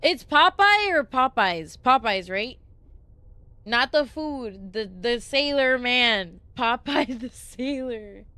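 A woman's voice: on the high side, expressive, slow pace, pushed and bright, clean tone, no echo. Jumpy young woman game streamer. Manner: jumpy and easily spooked, swearing, thanking chat between frights. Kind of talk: casual live gameplay streaming.

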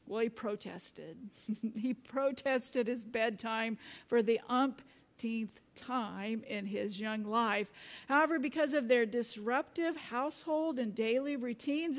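A woman pastor preaching a sermon, telling a story in a relaxed way with light chuckles. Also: fairly high pitch. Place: church. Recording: reverberant church sanctuary.

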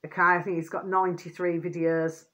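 The recording is lo-fi, carrying a woman's lowish, level voice that comes out fairly quick, pushed, and bright. She's a vlogger rambling casually to viewers, frequently annoyed and venting, with recurring pet phrases and repeated "do you see what I mean" questions.

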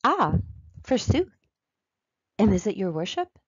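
A woman's voice: mid-range voice, sing-song, slow, breathy edge, no room sound, lo-fi sound, heavily acted. A woman reading aloud, voicing a sly, cackling old witch who poses as pious.

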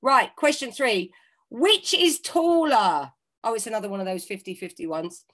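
A woman's voice: mid-range voice, animated, a little fast, a bit bright. A woman co-hosting an online charity quiz over a video call, teasing and playful in casual comic banter. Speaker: quiz co-host.

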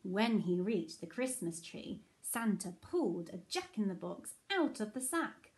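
A woman teacher reading a bedtime picture book to her class in a gentle, soothing way. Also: medium pitch, very animated, unhurried. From England.

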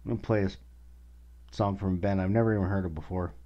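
A man's voice: low-pitched, steady tone, fast talker. A man hosting a podcast who rants angrily and swears constantly. The recording is dull and lo-fi. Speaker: podcast host. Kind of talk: casual profane rant.

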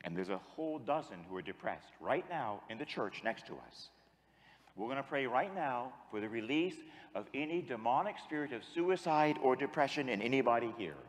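A man's voice: medium pitch, animated, moderate pace. A male priest preaching a sermon, telling a story and leading the congregation in call-and-response prayer. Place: church. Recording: long church reverb.

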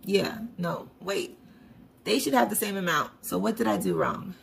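A woman talks through her budget like she's catching up with friends, chatty and a little self-deprecating. Her voice carries a strong, gravelly fry at mid pitch. She reads numbers off a screen in a casual, unhurried flow. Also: slight background noise. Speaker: budgeting vlogger. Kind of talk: casual budget walkthrough to camera.

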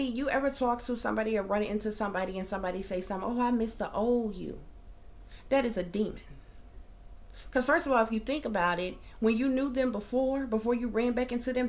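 A woman's voice: a little high, fast talker. A middle-aged woman, ranting bluntly and profanely, firing off rhetorical questions. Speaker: psychic reader. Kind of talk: ranting monologue.

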